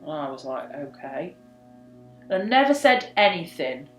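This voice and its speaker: A young woman telling a true story in casual chat, drops soft and breathy for quoted lines. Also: on the low side, very animated, fairly quick, soft background music. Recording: echoey room.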